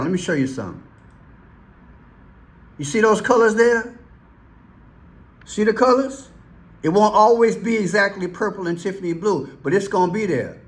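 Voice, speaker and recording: A man hosting a casual commentary vlog, excitable and repetitive as he points things out on screen. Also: high-pitched. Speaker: vlog host.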